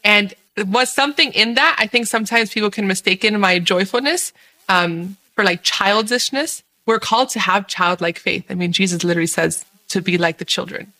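Bubbly bright-voiced woman sharing faith. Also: medium pitch, moderate pace, poor audio. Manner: bubbly and earnest, laughs often. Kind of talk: faith reflection vlog.

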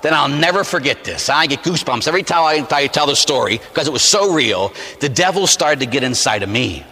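Male Catholic preacher from Pittsburgh; bright, lively, comic storyteller. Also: on the high side, a little fast, long reverb tail. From Pittsburgh, USA. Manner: animated and humorous, acts out scenes. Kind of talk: storytelling sermon.

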